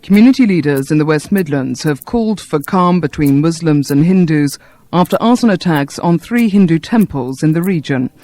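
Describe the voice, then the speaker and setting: A woman reading a radio news bulletin in a measured, formal way. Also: deep voice, animated, mellow. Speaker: newsreader.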